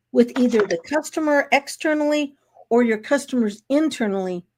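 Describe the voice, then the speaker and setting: A woman who runs workplace behavior training, chatting in an interview and telling lively stories with frequent laughter. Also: high-pitched. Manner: lively, laughs often, acts out anecdotes. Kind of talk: casual interview storytelling.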